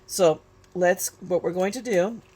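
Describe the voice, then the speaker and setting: A woman's voice: fairly low pitch, unhurried, a little mellow, slightly rough. A woman in her fifties from California, chatting through a crafting tutorial with lots of restarts and self-mocking asides. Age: 50s. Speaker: crafting YouTuber. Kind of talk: casual crafting tutorial chat.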